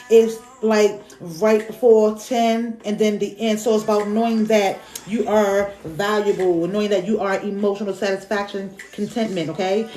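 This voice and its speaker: A woman's voice: medium pitch, warm tone. A woman giving a casual spiritual card reading on a live stream, repeating her words to encourage viewers. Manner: repetitive, encouraging, emotional, colloquial. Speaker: live-stream tarot reader. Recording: echoey room with faint music.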